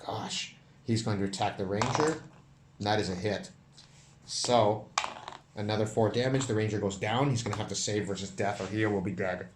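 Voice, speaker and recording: A man running and narrating a solo tabletop game, counting dice rolls out loud in an animated way. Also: fairly low pitch, moderate pace, echoey room, noisy background. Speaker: solo game master and player.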